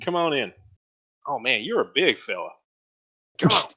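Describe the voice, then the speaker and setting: A man voicing a friendly, scruffy male dwarf who travels with a caravan, talking loudly in a folksy drawl. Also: medium pitch, very animated, normal speed, breathy edge, voice pushed up, exaggerated voice.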